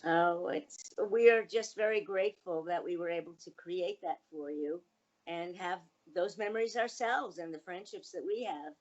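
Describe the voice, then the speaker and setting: An older woman, a voice actress, chatting as a guest and telling lively stories from her life. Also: fairly low pitch, moderate pace, lo-fi sound. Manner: animated storyteller. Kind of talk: casual interview chat.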